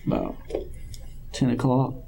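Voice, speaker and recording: A man's voice: medium pitch, huge pitch swings, unhurried, creaky, mellow, a little hiss or hum, rough recording. Rambling man in a police interview. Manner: rambling, hesitant, repeats himself.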